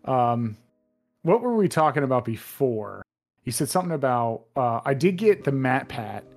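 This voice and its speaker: A man's voice: medium pitch, very animated, normal speed, soft background music. Rambling young man recapping a game. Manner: rambling, many fillers and restarts. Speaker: podcast co-host. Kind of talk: casual chat.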